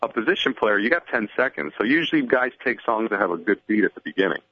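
A man calling in as a guest, chatting casually and relaxed, often saying "I mean". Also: fairly low pitch, fast, slightly rough, no echo, phone-quality sound. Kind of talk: casual phone-in chat.

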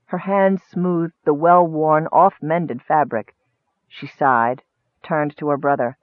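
A man's voice: fairly high pitch, no room sound. Man narrating an audiobook, tinny. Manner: measured, expressive reading. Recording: dry, phone-like narrow sound.

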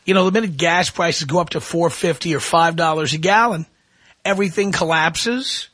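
A man's voice: on the high side, normal speed, a bit bright, no room sound. A middle-aged man hosting a talk radio show, ranting and mocking his listeners with sarcasm. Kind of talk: opinionated talk radio monologue.

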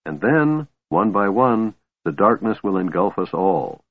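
A man's voice: lowish voice, big pitch swings, unhurried, no room sound. A man voicing a weary, bitter young elf woman commander, sighing through her lines. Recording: tinny phone-like line, dry.

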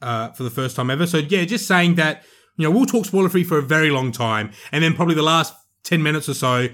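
A man reviewing a film with a friend on a podcast. His voice sits a little higher than most men's, and he talks in an emphatic, rambling way, circling back and correcting himself as he goes. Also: animated, fast, a bit bright. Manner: chatty, emphatic, self-correcting. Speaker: podcast co-host. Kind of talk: casual movie review chat.

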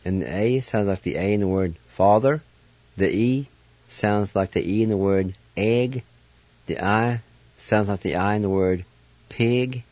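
A man's voice: lowish voice, warm tone, dry recording, lo-fi sound. A man hosting a radio language lesson, spelling each word letter by letter and sounding it out syllable by syllable. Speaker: radio host teaching Cherokee words.

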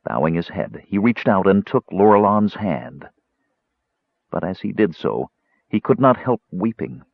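A man's voice: low-pitched, expressive, a little slow, creaky, no room sound. A man narrating a fantasy novel aloud as a storyteller, in a dull, dry, lo-fi recording. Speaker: audiobook narrator.

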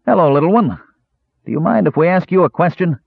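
Man voicing a tall male stranger, oily, mock-polite, menacing, husky, lo-fi. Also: on the high side, expressive, fairly quick, no room sound, voice pushed up, full character voice.

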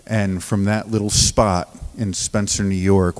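A man preaching in a church sanctuary with a low voice and an unhurried, deliberate pace. He talks in halting bursts, restarts his sentences and often laughs through his stories. The hall gives his voice a long, ringing reverb. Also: flat delivery. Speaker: pastor of a recovery ministry. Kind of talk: sermon with storytelling.

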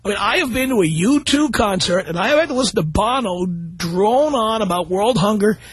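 A man's voice: high-pitched, animated, normal speed, husky. Blunt, ranting male radio talk host. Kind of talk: opinionated call-in radio talk.

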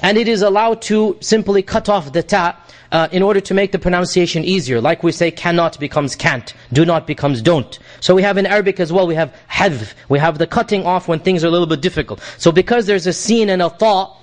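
High-voiced man teaching Quran commentary. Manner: explanatory, repeats points, frequent "uh" fillers; recites Arabic verses quickly. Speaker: Islamic teacher.

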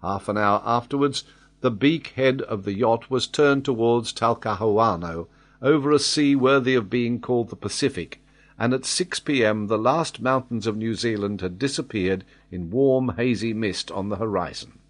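A man narrating a classic adventure novel in a measured, steady audiobook reading. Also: mid-range voice.

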